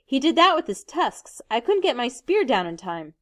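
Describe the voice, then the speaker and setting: A domineering boy who leads the hunt, as a woman reads him aloud. He barks commands and scoffs at the others, his voice pitched high and pushed loud. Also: big pitch swings, moderate pace. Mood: brusque, scornful. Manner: commanding, shouting orders. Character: bossy, aggressive schoolboy leader of hunters.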